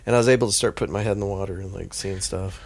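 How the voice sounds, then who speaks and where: An American man casually telling a story on a podcast, animated and profane, acting out the voices of the people in it. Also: deep voice, rapid-fire, gravelly. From United States.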